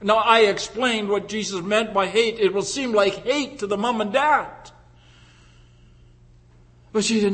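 A male pastor preaching a sermon with passion, swinging from loud declarations to hushed, intimate lines. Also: sits high, slow.

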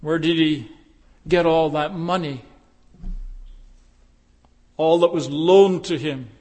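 A man preaching a sermon, slow and deliberate, with emphatic rises into impassioned pleading. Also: a little high, steady tone, a little mellow. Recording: long reverb of a large hall.

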